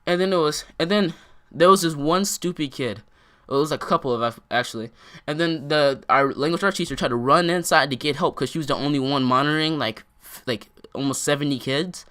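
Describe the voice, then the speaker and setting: A man's voice: on the high side, fairly quick, bright, forceful tone. A young man telling a story to the camera in casual vlog style, rambling with lots of filler words. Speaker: vlogger.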